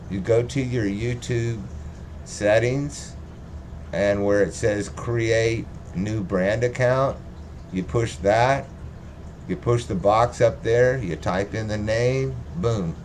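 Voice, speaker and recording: Low-voiced guy rambling slow on a livestream, swears a lot, faint room hum. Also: darkish tone. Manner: profane, rambling, jokey. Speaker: livestream host. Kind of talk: rambling casual livestream chat.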